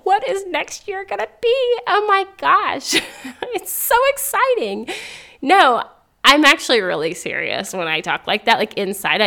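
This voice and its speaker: A young woman hosting a faith podcast, talking earnestly and excitedly, often laughing and rising into eager exclamations. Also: a little high. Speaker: podcast host. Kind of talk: encouraging faith talk.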